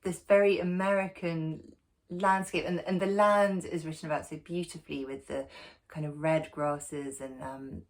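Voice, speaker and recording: A woman's voice: deep voice, level tone, normal speed. A woman hosting a book club, talking casually to camera from home with many ums, restarts and chatty asides. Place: at home, sitting in a dog's bed.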